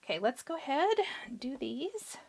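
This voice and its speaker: A woman's voice: sits high, big pitch swings, moderate pace, darkish tone. A woman hosting a live card-making demonstration, chatting casually and answering viewer questions as she works. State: has the hiccups. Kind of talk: live-stream craft demonstration.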